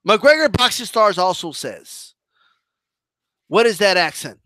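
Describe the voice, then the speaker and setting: A man's voice: high-pitched, measured pace, dry recording. A man hosting a boxing live stream, ranting and mocking while reading chat. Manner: animated, mocking, combative rant with restarts. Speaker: boxing commentary channel host.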